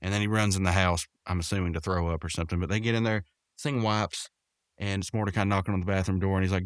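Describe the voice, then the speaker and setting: A man with a fairly low voice hosts a casual podcast, rambling through a cartoon episode recap. He keeps breaking into raised, quick character voices for the quoted lines. The sound is dry and close, with no room around it. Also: level tone, dry recording. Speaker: podcast host.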